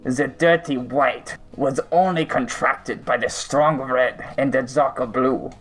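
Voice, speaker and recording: A haunted German soldier recalling the trenches, as a man reads him out in a put-on German accent. He speaks slowly and gravely, and his voice sits at an ordinary pitch, with faint music underneath. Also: steady tone, fairly bright tone, rough recording. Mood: grim. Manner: slow, halting dramatic reading. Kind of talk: reading a creepypasta aloud.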